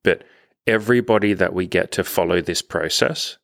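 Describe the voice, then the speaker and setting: A man's voice: low-pitched, normal speed, vocal fry, fairly bright tone, dry recording, clean studio sound. A young man coaching on dating, talking in a rambling, self-deprecating way and swearing freely. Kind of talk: casual coaching monologue.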